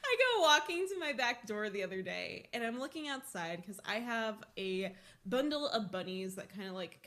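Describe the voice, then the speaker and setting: A young woman co-hosting a podcast, telling a story in a casual, animated way, with lots of swearing and laughter. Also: mid-range voice. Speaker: podcast co-host.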